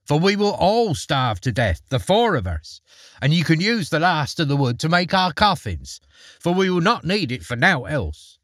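A sharp-tongued peasant wife from a storybook, cold and scornful, put on by a male reader in a raised, rasping voice. Her lines come out dry and close, with a swooping, lively lilt. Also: a little high, normal speed, dry recording, voice pushed up. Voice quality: harsh. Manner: scolding, pushes hard. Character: harsh cold-hearted peasant wife, adult woman.

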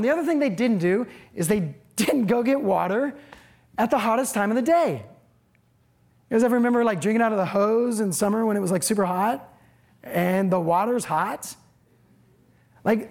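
A preacher giving a casual, conversational sermon, animated and speaking directly to the congregation. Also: medium pitch, normal speed.

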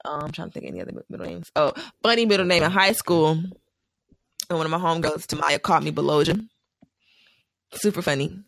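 Young woman chatting, lively funny stories, laughs a lot, dry close mic. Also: low-pitched, fast talker, gravelly, pauses often, no room sound. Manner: animated storytelling, laughing often. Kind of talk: casual chat.

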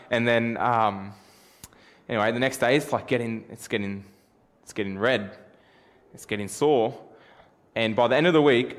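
A man preaching a sermon through a self-deprecating personal story, chatty and joking. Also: medium pitch.

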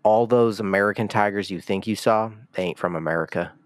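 A man's voice: lowish voice, fairly quick, dry recording, close to an everyday voice. A man playing an apologetic store clerk in an improvised comedy bit. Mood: folksy.

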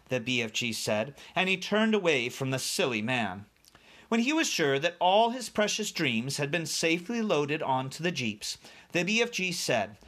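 A man reads a children's book aloud as a teacher, speaking straight to young listeners. His voice sits a little high and bright and moves lively up and down as he tells the story. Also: moderate pace. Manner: animated, addresses young listeners directly.

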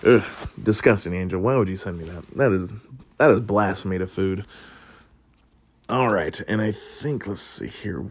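Man, podcast host, casual rambling chat, laughs a lot, swears, lowish voice. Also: moderate pace, slightly rough.

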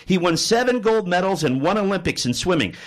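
A radio talk show host with a high male voice speaks fairly quickly into a studio microphone. He tells an anecdote and jokes around with his in-studio guest, animated and playful.

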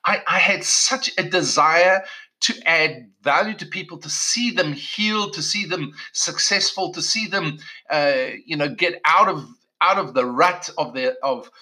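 A man's voice: fairly high pitch, pushed and bright, rough recording. A middle-aged man from South Africa, a pastor telling his own story in a conversational way, with many restarts. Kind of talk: personal testimony talk.

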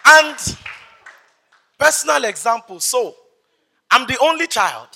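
Man, Nigerian accent, pastor, lively sermon storytelling, high voice. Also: slow pace, vocal fry. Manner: animated storytelling, acts out voices. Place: church service.

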